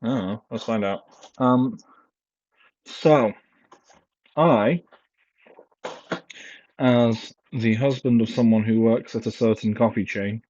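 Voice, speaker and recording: Indoors at home, a young man rambles through a casual vlog, full of fillers and jokes at his own expense. He speaks at medium pitch, slowly and with frequent pauses, in a slightly mellow voice with no room sound. His headset mic gives a dull, lo-fi, clipping recording.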